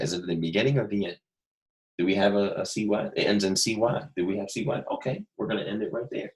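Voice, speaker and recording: A man teaching a recorded first grade phonics lesson, slow and patient, repeating steps and asking young pupils questions. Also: lowish voice, lively intonation, low-quality recording.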